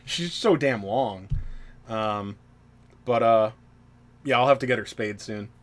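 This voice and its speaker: A man's voice: medium pitch, takes it slowly. A man in his thirties streaming a game, chatting casually in a rambling, self-deprecating way with lots of fillers. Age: 30s. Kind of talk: casual chat.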